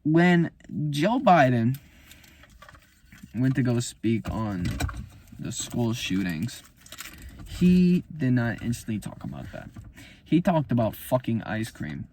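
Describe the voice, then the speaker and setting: A man's voice: mid-range voice, sing-song, takes it slowly, long pauses, darkish tone, a little hiss or hum. Musician guy ranting about his album, swearing constantly, heated, voice jumping all over. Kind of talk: casual unscripted monologue.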